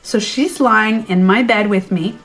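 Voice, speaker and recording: A woman coach telling a personal story on a livestream, animated and chatty, blunt and now and then profane, into a phone mic. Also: medium pitch, measured pace. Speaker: beauty and life coach.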